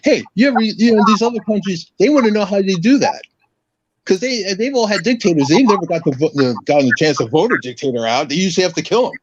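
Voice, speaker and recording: A man's voice: high-pitched, lively intonation, fast, slight background noise. A man ranting combatively in a casual political chat as a podcast guest, restarting his phrases often. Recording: dull lo-fi audio, dry.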